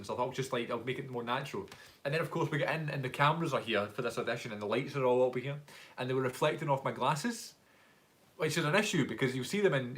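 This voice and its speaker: A man's voice: mid-range voice, fairly bright tone. Chatty Glaswegian man on a live stream. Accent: Glaswegian Scottish. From Scotland. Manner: chatty, rambling storyteller who laughs often. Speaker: YouTuber and actor.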